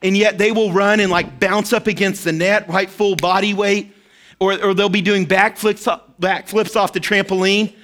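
A man with a notably high speaking voice delivers a sermon in a relaxed, conversational manner. He tells personal stories and keeps checking in with his listeners. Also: moderate pace. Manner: conversational, personal storytelling with frequent "right?" asides. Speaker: pastor.

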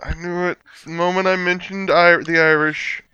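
A man in a casual podcast chat, teasing the others with quick asides. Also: high-pitched, flat delivery, bright, forceful tone, clear, resonant tone, lo-fi sound.

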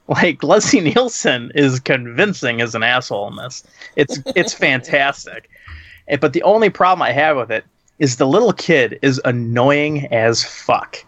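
A man's voice: a little high, a bit bright, no room sound. A man co-hosting a casual chat, laughing and swearing as he retells a movie's scenes. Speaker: podcast co-host.

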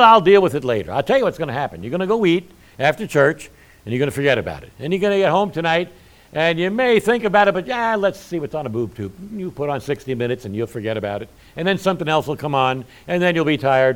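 A middle-aged male pastor preaching a sermon, with folksy asides between his points. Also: medium pitch.

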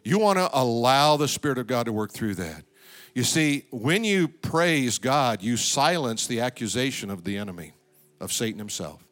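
A man preaching a sermon as pastor of a church. He swings between loud, high exclamations and low, quiet asides. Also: lively intonation, moderate pace, soft background music.

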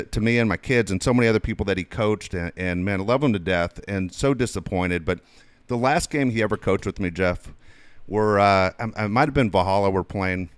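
A man's voice: smooth, no room sound. A man telling profane anecdotes in casual chat as a podcast co-host. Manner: animated, profane anecdotes with swings in pitch. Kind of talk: casual storytelling.

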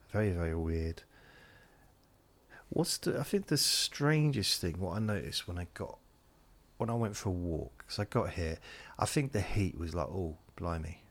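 A man with a very low voice wanders through a sleepy podcast monologue. He keeps breaking off and circling back as he talks. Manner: meandering, self-interrupting, drifting between points. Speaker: podcast host.

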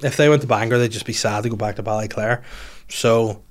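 A man's voice: fairly low pitch, fairly even intonation, fairly quick. Guy in his 30s, sweary rambling podcast chat, jokey. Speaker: comedian podcaster answering listener questions. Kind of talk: casual solo podcast chat.

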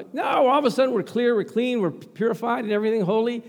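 Preaching in a church with long reverb, a man speaks in a very high voice with vocal fry, talking fast and barely pausing. He's animated, laughs often, and calls out to the congregation, talking back to them.

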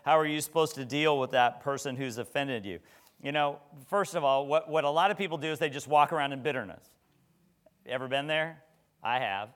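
A middle-aged man delivers a sermon in a loose, conversational way, firing rhetorical questions and restarting his sentences. His voice is smooth and clear and sits at an ordinary pitch for a man. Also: a little fast, fairly bright tone. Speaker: pastor.

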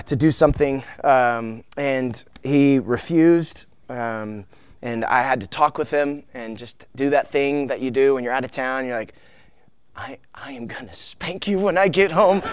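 A man in his thirties preaching a sermon, earnest and emotional, tearful at times, with soft trailing asides. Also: mid-range voice, smooth, no room sound. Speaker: pastor.

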